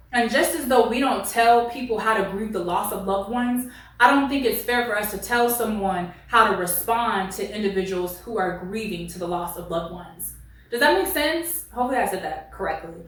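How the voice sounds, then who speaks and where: A woman in her late twenties gives sassy, animated commentary on stories she reads. Her slightly high voice sits a little away from the mic in a strongly echoing room. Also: recorded from a distance. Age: late 20s. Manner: animated, sassy, laughs a lot. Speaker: reddit story reader and commentator. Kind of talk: casual commentary vlog. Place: at home.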